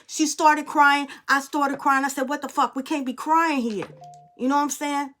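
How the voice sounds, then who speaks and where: A high-pitched woman talks casually as a tarot reader and medium. She is blunt and emphatic, and drops swear words freely. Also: fairly even intonation, normal speed, a bit bright. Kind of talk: casual spiritual storytelling and tarot reading.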